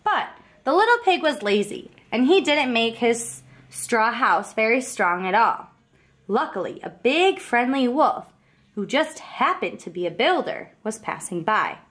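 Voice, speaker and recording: A woman teacher reading a picture book aloud to young children, expressive and asking them questions. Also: a little high, a little slow.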